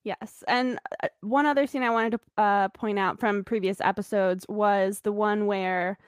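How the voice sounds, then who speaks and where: A woman co-hosts a podcast, chatting casually in a giggly way with plenty of fillers. Her mid-range voice is clear and resonant, with fairly even intonation and a slightly slow pace. The recording is dry, with a clean studio sound.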